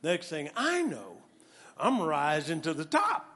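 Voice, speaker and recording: A male preacher giving an animated sermon with a personal testimony, calling out to his congregation and building to shouts. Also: on the high side, slow pace, husky. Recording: long reverb of a large hall.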